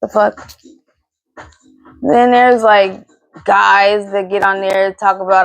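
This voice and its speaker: A woman's voice: medium pitch, fairly even intonation, slow, vocal fry, long pauses, no echo. A woman in her thirties hosting a solo podcast, ranting bluntly and with lots of swearing. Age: 30s. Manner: blunt, profane, exasperated ranting. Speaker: podcast host.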